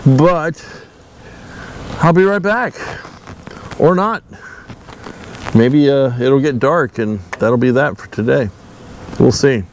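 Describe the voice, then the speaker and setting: Easygoing guy doing a diy vlog outside, talks slow, jokes at himself, bit of background noise. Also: medium pitch. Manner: folksy, self-mocking, chuckles often. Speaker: channel host doing a boat trailer fix-up. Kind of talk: casual DIY vlog talk to camera. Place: outdoors working on a trailer.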